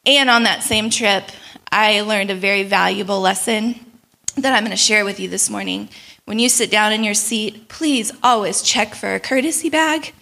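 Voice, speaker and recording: A young woman telling a travel story in a sermon, animated and laughing often as she acts out the people in it. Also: mid-range voice, normal speed, gravelly. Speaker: speaker at a church gathering.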